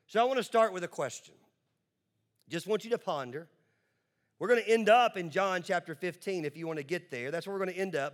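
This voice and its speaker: A male pastor with a somewhat high voice delivers a sermon to a congregation. He is emphatic and switches between quick asides and slowly stretched words.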